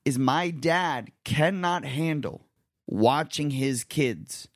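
A man's voice: a little high, takes it slowly, dry recording, studio quality. A man around thirty from New Jersey co-hosting a podcast, telling stories casually with lots of fillers. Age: about 30. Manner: relaxed, filler-heavy storyteller. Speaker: podcast co-host. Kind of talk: casual chat.

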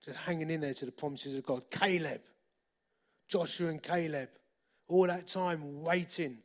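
Middle-aged male preacher, slightly high voice, storytelling sermon with loud and hushed turns. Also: moderate pace. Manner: lively, repeats phrases for emphasis, shifts between loud and hushed.

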